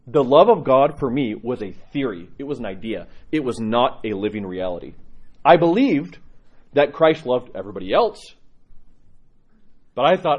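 A middle-aged man, an Orthodox priest, telling candid personal stories with laughs and halting restarts. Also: medium pitch, big pitch swings, a little mellow, husky, highs cut off. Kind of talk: personal storytelling talk.

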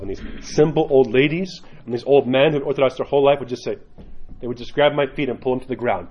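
A male priest preaching informally, telling stories with lots of conversational asides. His voice sits at an ordinary middle pitch. The recording is a little dull and lo-fi. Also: quick pace. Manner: conversational, animated, frequent asides. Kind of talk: informal sermon with storytelling.

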